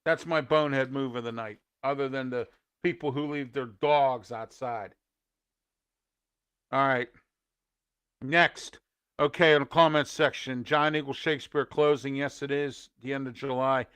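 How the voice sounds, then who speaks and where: A man's voice: mid-range voice, fairly even intonation, a little slow, a bit bright, clean tone. A man hosting an opinion show, ranting and scolding indignantly at people he finds foolish. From Pittsburgh area. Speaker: host.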